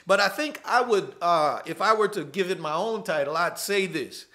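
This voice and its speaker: A man in his thirties preaching a sermon, his voice fairly high and bright. He talks in a loose, conversational way. He repeats his key lines for emphasis and laughs easily between them. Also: normal speed, hardly any pauses. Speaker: pastor.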